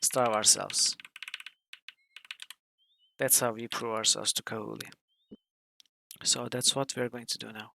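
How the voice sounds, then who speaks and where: A man's voice: medium pitch, flat delivery, unhurried, vocal fry, pauses often, sharp tone. A man streaming a role-playing game, thinking aloud and reading the story text as he plays.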